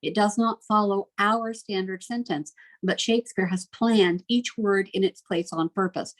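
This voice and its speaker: A woman teacher talks through a literature lesson, recorded at home. She reads lines of verse slowly and carefully, then breaks into easy, chatty explanation with the odd filler. Her voice sits at an ordinary middle pitch for a woman. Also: rough recording.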